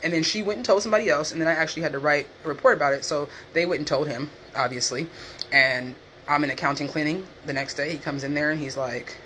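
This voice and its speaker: A woman vlogger talks through her life at a rapid clip and holds nothing back, with blunt profanity throughout. She slips into other people's voices as she retells what happened, over a faint hum of room ambience. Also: low-pitched. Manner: candid, profane, animated retelling with quoted voices. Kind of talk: casual storytelling chat.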